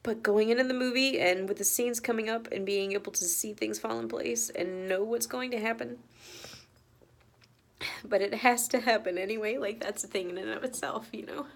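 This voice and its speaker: A woman with a somewhat high voice talks in a casual reaction vlog. She is earnest and openly emotional, chatting and laughing as she goes. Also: fairly even intonation, moderate pace, gravelly. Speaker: movie reaction vlogger.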